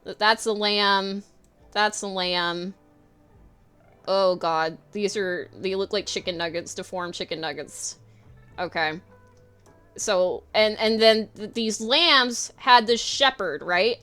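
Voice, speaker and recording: A woman's voice: mid-range voice, slow, pushed and bright, clear, resonant tone, faint music behind. A woman streamer giving a rambling, giggly, casual commentary as she draws, swearing freely. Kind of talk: casual livestream commentary while drawing.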